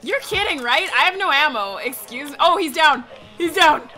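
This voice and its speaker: A young woman streaming a game, chatting casually with loud, excitable outbursts. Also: high voice, moderate pace, faint music behind. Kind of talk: live gameplay commentary. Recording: stream audio with background noise.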